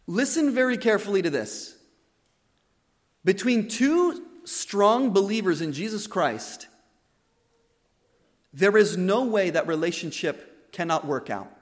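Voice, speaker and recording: A man preaching a wedding sermon as the officiating minister, earnest and emphatic, often repeating his key phrases. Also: sits high. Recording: long hall reverb.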